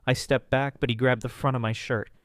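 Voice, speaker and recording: A man's voice: medium pitch, level tone, fairly quick, no echo, studio quality. A man narrating a first-person drama story, reading dramatically and jumping into characters' voices.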